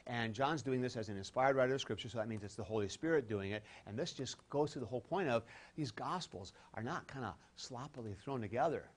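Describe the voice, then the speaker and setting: A man lecturing a class on theology in a mid-pitched voice. He talks in a conversational, animated way, stressing key words loudly and then dropping to quiet asides. He often acts out the objections of an imagined listener. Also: a little fast, hardly any pauses. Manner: animated, emphatic, swings between loud stresses and quiet asides. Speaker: theology professor.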